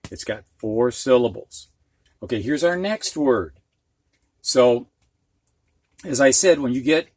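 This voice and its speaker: A man's voice: medium pitch, dry recording. A man teaching a recorded reading lesson, patiently breaking long words into syllables and giving example sentences.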